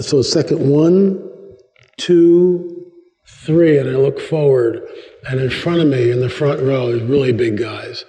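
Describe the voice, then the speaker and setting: An older man, a guest speaker at a church, telling stories in a sermon, acting out voices with big jumps in pitch. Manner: animated storyteller, acts out dialogue with big pitch jumps. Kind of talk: storytelling sermon. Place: church sanctuary. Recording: long reverb of a church hall.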